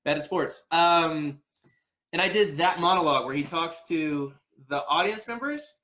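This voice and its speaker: A man's voice: fairly high pitch, animated, measured pace, pushed and bright, reverberant. A man co-hosting a casual podcast chat, joking and rambling, quoting movie lines. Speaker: podcast co-host.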